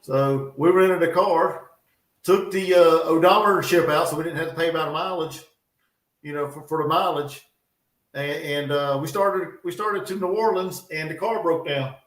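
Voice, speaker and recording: A man whose voice is a little high chats at normal speed while hosting a live stream, rambling in an easygoing, casual way. The recording sounds roomy and off-mic.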